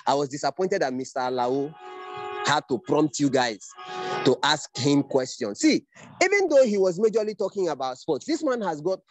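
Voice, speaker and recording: A man's voice: on the high side, lively intonation, moderate pace, faint music behind. A middle-aged man, lecturing his trainees on an online class call in an earnest, fatherly way. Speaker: training instructor. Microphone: video call.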